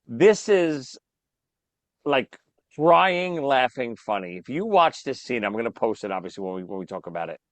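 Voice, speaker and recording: A man's voice: medium pitch, moderate pace, no echo. A man hosting a podcast in casual chat, telling stories with lots of energy. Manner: animated storyteller, acts out quoted voices. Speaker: podcast host.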